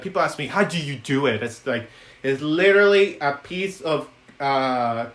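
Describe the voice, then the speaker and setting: Male puppet maker chatting on a live stream, a bit high-pitched, rambling and giggly, roomy sound. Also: fairly bright tone. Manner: chatty, giggly, lots of ums and restarts. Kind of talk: casual live stream chat. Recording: echoey room.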